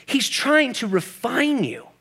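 A man's voice: extremely high pitch, animated, slow, vocal fry, fairly bright tone, slightly rough. A middle-aged man from Kansas City preaching a sermon with passion, often slipping into the voices of Jesus and of inner doubts. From Kansas City, United States. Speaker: pastor.

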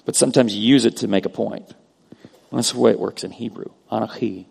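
A man preaching a sermon as pastor, earnest, moving between loud emphasis and hushed prayer. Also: fairly low pitch, quick pace, creaky, breathy edge. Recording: long hall reverb.

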